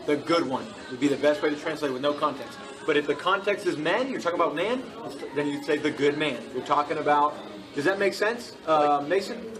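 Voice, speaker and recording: Teacher, fairly high voice, patient and repetitive, recorded from across the room. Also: male voice, brisk, recorded from a distance, poor audio. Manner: patient, repeats key points, checks in with students. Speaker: Greek teacher. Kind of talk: classroom teaching. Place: classroom.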